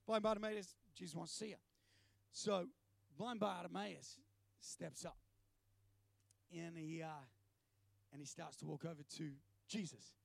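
Animated preacher with a gravelly high voice. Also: male voice, dry recording. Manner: animated storytelling, acting out prayers and crying out. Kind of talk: sermon.

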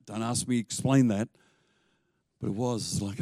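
A man preaching a sermon as pastor. He tells stories in an animated way and laughs now and then. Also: mid-range voice, moderate pace, long pauses, no echo.

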